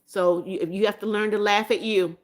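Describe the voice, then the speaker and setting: A woman's voice: mid-range voice, steady tone, moderate pace. A woman hosting a live stream, reading viewers' comments aloud, laughing often and greeting people with blessings. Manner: repeats phrases, scolds gently. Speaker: livestream host reading chat. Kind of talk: casual live chat.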